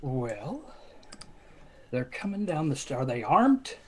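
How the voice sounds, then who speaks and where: A man playing a tabletop game over a video call, speaking in a hesitant, halting way. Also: mid-range voice, very animated, slightly rough. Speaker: player.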